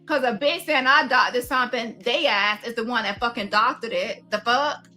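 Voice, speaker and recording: Woman, confrontational commentary, profane, high voice. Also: normal speed, bright, forceful tone, faint music behind. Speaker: commentary host. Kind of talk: heated commentary rant.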